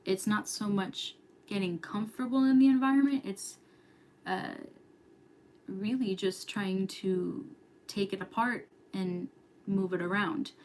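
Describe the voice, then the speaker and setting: Young woman host, chatty late-night livestream talk, average pitch, quick to laugh and to whisper. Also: a little mellow. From New York. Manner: chatty, giggly, drops to a whisper at times. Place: home at night.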